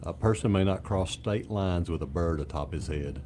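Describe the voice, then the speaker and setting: Man, radio co-host, very low voice, dry short replies, studio mic. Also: normal speed, dark tone, slight background noise. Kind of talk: casual radio banter. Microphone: studio microphone.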